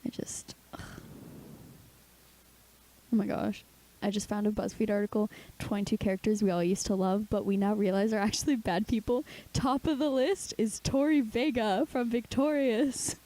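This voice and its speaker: A woman's voice: mid-range voice, fairly even intonation, moderate pace, few pauses, mellow. A young woman co-hosting a podcast in casual chat, saying "like" often and sounding tired. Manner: chatty, says "like" often, tired. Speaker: podcast co-host.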